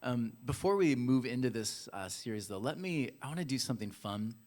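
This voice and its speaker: A man's voice: mid-range voice, lively intonation, fairly quick, a little mellow. A man preaching a casual, playful sermon in a church, talking straight to the congregation. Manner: playful, chatty, addresses the congregation directly. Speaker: pastor. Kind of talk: casual sermon with audience games. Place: church hall.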